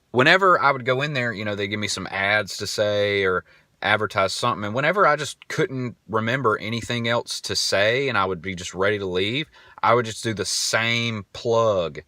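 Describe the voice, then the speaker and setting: Animated low-voiced young man. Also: dry recording, studio quality. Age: 20s. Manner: animated, rambling storytelling. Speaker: podcast host. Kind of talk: casual monologue.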